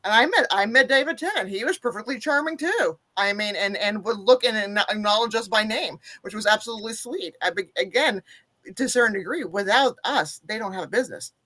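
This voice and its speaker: A woman's voice: mid-range voice, expressive, a little fast, bright, forceful tone. A woman co-hosting a podcast, giving emphatic and earnest opinions in casual discussion. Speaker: podcast co-host.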